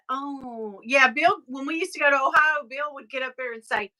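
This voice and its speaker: High bright playful woman livestreamer. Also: moderate pace. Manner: playful, reads out viewer comments and greets viewers. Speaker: livestream co-host. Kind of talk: casual livestream chat.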